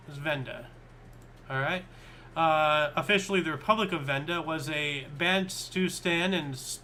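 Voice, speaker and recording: A man's voice: a little high, pushed and bright, slight background noise. A man co-hosting a history show, chatting casually and thinking aloud as he reads. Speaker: co-host.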